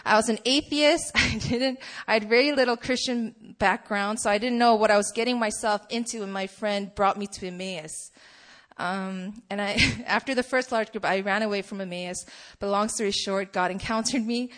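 A woman's voice: mid-range voice, steady tone, normal speed, fairly bright tone. A woman in her twenties, a student, praying and then speaking casually to a campus fellowship group, with frequent laughs. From Poland. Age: 20s. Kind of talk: opening prayer and talk to a student group.

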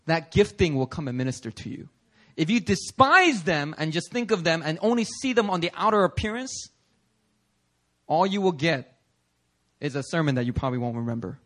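High-voiced man preaching casually. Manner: animated, peppers talk with "okay?" and "right?"; acts out listeners' voices in quotes. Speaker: pastor. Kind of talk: conversational sermon. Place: church sanctuary.

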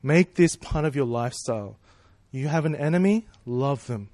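This preacher has a medium-pitched, darkish voice with lively intonation and a moderate pace. He talks through his sermon casually, using rhetorical questions plus "right?" and "you know" check-ins, on a dry, clean studio recording.

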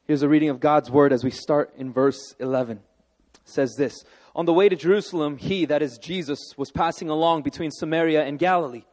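A man with a fairly high voice preaches to his congregation, animated and chatty. He keeps turning to the room with quick asides. His voice carries a long reverb from a large church hall. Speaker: pastor. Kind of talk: sermon.

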